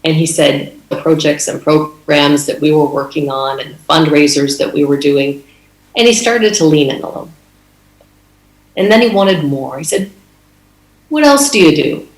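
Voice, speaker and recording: A woman's voice: deep voice, normal speed, echoey room, rough recording. A middle-aged woman from Canada telling a story in an earnest conference speech, with fillers and restarts. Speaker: conference speaker.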